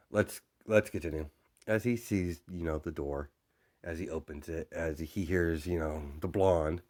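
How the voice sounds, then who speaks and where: A man tells a fan fiction story off the cuff in a low, deep voice. He rambles, stops for asides, and leans on fillers as he goes. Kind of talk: improvised story narration.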